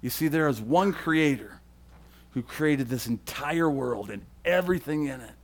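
A man preaching a sermon to the camera, with emphatic, repeated phrases that swing between loud declarations and hushed, low lines. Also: measured pace. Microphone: camera mic.

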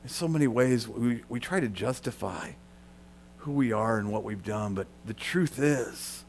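A man preaching a sermon, talking straight to the congregation, dropping to a quiet murmur and then rising loud for emphasis. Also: lively intonation, a little slow, slight background noise. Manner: swings from soft and quiet to loud and high for emphasis; conversational, addresses listeners directly. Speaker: pastor.

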